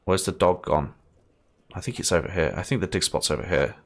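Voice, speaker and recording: Deep Scottish man chatting through a game. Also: animated, a little fast, vocal fry. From Scotland. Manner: chatty, laughs often, thinks aloud. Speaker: gaming streamer. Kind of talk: casual gameplay commentary.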